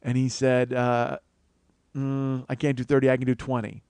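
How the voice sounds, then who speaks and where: A man spins a comic story in a monologue and jumps into other people's voices as he goes. His pitch sits in the middle, and the sound is dry and close, with no room around it. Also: completely flat delivery, moderate pace, a little mellow, clear, resonant tone, no room sound. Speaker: comedian host.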